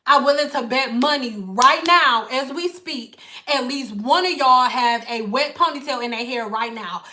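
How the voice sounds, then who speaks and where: This woman, a hair stylist, chats informally with live viewers at a normal speed and in a high voice. She's animated and outspoken, curses freely, and drops into playful character voices.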